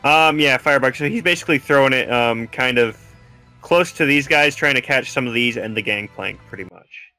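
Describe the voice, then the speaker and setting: A man playing a tabletop game, easygoing and quick to laugh. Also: medium pitch, sharp tone, soft background music. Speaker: player. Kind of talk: casual tabletop game play.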